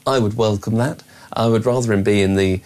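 A man appearing as a studio guest on talk radio, giving measured, agreeable political comments with some hesitant restarts. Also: lowish voice, steady tone, darkish tone.

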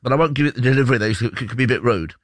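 Male radio co-host, fast-paced teasing banter, dry studio sound, mid-pitched. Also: no room sound. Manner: playful, jokey banter. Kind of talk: casual chat.

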